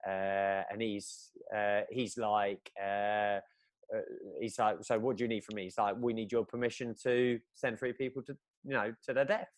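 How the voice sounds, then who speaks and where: A man chats casually, retelling a story in long rambling runs full of "uh" and restarts. His voice sits a little low, and the recording is close and dry with no room sound. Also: steady tone, moderate pace, no room sound. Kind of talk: casual chat.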